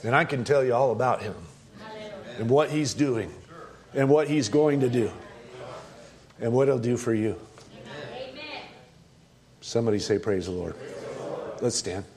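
A man's voice: measured pace, pauses often. Emphatic male pastor preaching a sermon. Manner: preachy and emphatic, swinging from loud exclaims to low asides.

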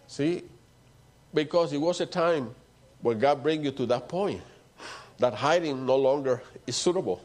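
A man preaching a sermon with fervent, emphatic delivery, swinging between raised and hushed passages. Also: mid-range voice, a little slow, pauses often.

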